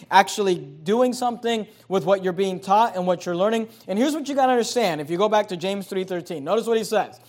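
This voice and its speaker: High-voiced man preaching a sermon. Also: lively intonation, moderate pace. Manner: teaching verse by verse, rising to forceful emphasis. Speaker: pastor.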